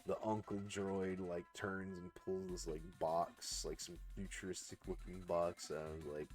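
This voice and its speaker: Young guy streaming, real low voice, rambles and swears a lot, faint music in the back. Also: level tone, unhurried, hardly any pauses. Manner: rambling, full of "like" fillers and swearing. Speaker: livestreaming artist. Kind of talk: casual storytelling on a live stream.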